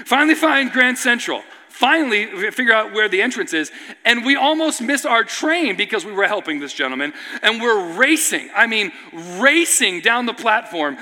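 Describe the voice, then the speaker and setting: Bright, animated male preacher in a hall. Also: high-pitched, moderate pace. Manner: animated, builds to near-shouting excitement; keeps asking "right?" of the audience. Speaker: pastor. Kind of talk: sermon storytelling. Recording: long reverb of a large hall.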